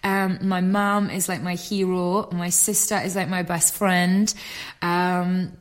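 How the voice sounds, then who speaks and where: A woman's voice: fairly low pitch, flat delivery, takes it slowly. A woman from Newcastle with a Geordie accent, a podcast guest in casual chat, frank, swearing freely and laughing as she talks. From Newcastle, England.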